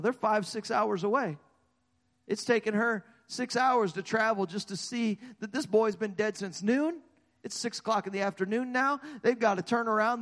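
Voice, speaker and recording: Passionate preacher guy telling a story, high voice, lots of echo. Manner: passionate, repeats words, builds intensity. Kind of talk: sermon storytelling. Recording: long hall reverb.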